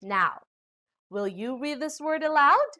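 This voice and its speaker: Woman, Filipino accent, English teacher, scripted lesson, lively intonation. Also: sits high, very noisy. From Philippines. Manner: slow, lively teacherly delivery addressing students.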